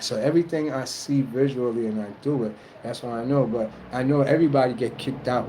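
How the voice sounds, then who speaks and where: A man's voice: fairly quick, few pauses, mellow, slight background noise, rough recording. A man talking casually and earnestly about spiritual journeys to his viewers, rambling and colloquial. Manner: rambling, earnest, colloquial, quotes others in high mock voices. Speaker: spiritual streamer answering chat.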